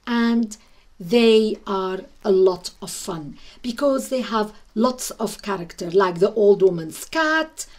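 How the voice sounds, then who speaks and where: A woman hosts a radio program, reading old tales aloud at a slow, measured pace. Her voice rises and falls widely as she narrates, with a mid-range pitch. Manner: unhurried, expressive storytelling. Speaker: radio show host. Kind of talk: storytelling radio talk.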